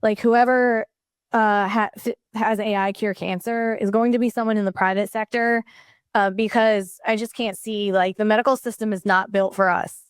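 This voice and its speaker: A woman chatting as a podcast guest, excited and rambling, with many fillers. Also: mid-range voice, normal speed, clear, resonant tone, no echo, studio quality. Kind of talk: casual chat.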